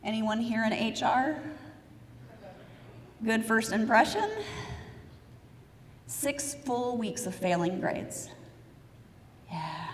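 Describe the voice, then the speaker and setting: High-voiced woman giving an energetic keynote. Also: slight background noise. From United States. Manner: energetic storyteller, asks audience questions, gives instructions. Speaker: motivational keynote speaker. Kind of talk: live keynote speech with audience interaction. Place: large event hall with audience. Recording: reverberant hall sound.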